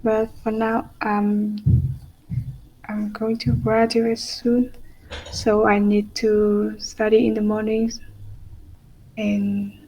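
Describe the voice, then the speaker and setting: Slow, hesitant young woman student. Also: mid-range voice, completely flat delivery, mellow, rough recording. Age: young adult. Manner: hesitant, with fillers and restarts. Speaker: student practicing for a speaking test. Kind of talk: practice speaking answers.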